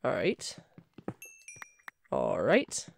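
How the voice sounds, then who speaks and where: Woman, gamer, let's play commentary, chatty, animated pitch, talks to her finds. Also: extremely slow, vocal fry, slight background noise. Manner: chatty, talks to in-game items, shrieks when startled.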